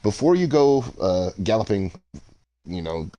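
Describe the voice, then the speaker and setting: Deep, lively man chatting at a game. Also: measured pace, highs cut off. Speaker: player. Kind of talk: casual tabletop play chat.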